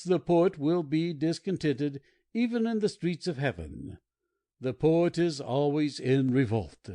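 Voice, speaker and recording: A man's voice: a little high, mellow, dry recording. A man voicing a red-haired anarchist poet who mocks and declaims grandly, read as audiobook dialogue.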